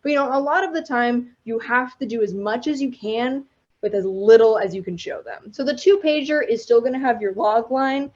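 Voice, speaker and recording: Chatty higher-voiced woman guest speaker. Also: moderate pace, darkish tone. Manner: chatty and enthusiastic, laughs between points. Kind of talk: informal talk to students. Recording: dull lo-fi audio.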